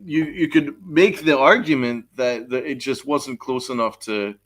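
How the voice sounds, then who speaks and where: A man's voice: mid-range voice, measured pace, a bit bright. A man hosting a live sports podcast, venting angrily with heavy swearing and reacting to chat messages. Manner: angry, profane, venting; reads chat messages aloud. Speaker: podcast host. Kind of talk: live-stream sports rant.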